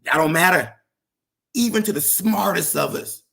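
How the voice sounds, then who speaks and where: A man makes his case on an open panel, driving each point home with rhetorical questions. His voice sits high and bright, with a gravelly fry. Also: normal speed. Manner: impassioned, rhetorical, emphatic. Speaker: panel speaker. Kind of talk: political debate on an open panel.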